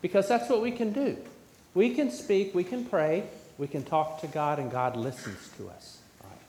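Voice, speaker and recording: A man's voice: a little high, moderate pace, a little mellow. A man giving a children's sermon in church, questioning the children as he talks. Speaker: pastor. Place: church sanctuary. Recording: echoey church with faint room noise.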